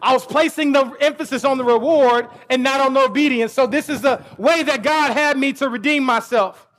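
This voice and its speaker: A man preaching with an unusually high voice. He builds his points into near shouts and often doubles back over his words as he goes. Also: a little fast. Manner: repeats words when he restarts. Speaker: pastor. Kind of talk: sermon.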